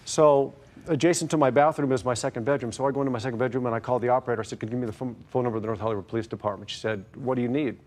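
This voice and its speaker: A middle-aged man telling his story in court, halting and full of fillers. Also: medium pitch, steady tone, a little mellow. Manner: hesitant, halting, many fillers. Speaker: plaintiff. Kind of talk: testimony in court.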